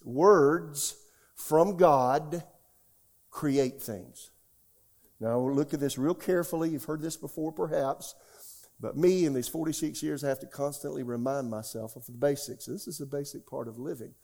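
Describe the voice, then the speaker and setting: Older male preacher, dark mellow tone, emphatic sermon delivery with call-outs to the congregation. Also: a little high, unhurried. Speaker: pastor.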